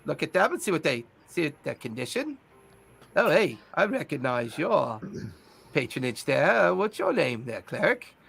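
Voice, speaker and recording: A man's voice: a little high, very animated, moderate pace, gravelly, a bit bright, slightly rough, heavily acted. A man voicing a cheeky, chatty mouse-folk cleric with a Cockney accent in a tabletop game. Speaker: game master.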